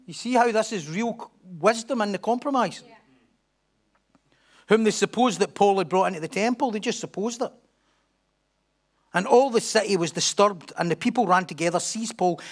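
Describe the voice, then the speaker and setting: A man preaching a sermon as pastor, animated, acting out crowd voices and swinging from loud declarations to hushed asides. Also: high-pitched, a little fast. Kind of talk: expository sermon.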